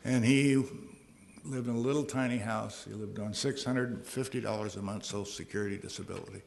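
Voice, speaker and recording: A man's voice: fairly low pitch, brisk, gravelly, darkish tone, a little hiss or hum. Earnest middle-aged man telling his story. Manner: earnest storytelling with dry humor. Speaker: recovery meeting speaker. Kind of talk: personal recovery talk at a podium.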